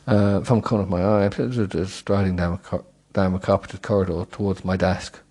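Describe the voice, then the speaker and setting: A man's voice: low-pitched, steady tone, moderate pace, mellow. A middle-aged man reading a book aloud with comic asides, giggling and stumbling over words.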